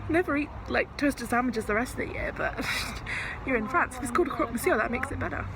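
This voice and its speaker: A woman's voice: high-pitched, lively intonation, quick pace, gravelly. A woman chatting to camera as a travel vlogger while walking outdoors, laughing often as she tells stories. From England. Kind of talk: casual vlog chat. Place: outdoors, walking through a windy town. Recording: wind noise on an outdoor camera mic.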